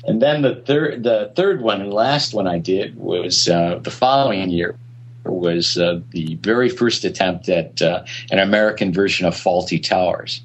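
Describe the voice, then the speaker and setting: A man being interviewed about his past work, reminiscing slowly with frequent pauses and fillers. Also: sits low, slightly rough, highs cut off. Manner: hesitant, many fillers. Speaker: guest, film director.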